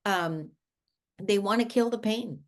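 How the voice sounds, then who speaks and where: Speaking slowly in a mid-range voice, a female life coach appears as a guest in a conversational interview. She is earnest, and her speech is full of restarted sentences and fillers.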